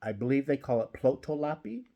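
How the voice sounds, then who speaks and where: A man's voice: mid-range voice, very animated, a little fast, creaky, highs cut off, slight background noise. A man hosting a knitting channel, chatting casually from home while he knits, rambling with many restarts.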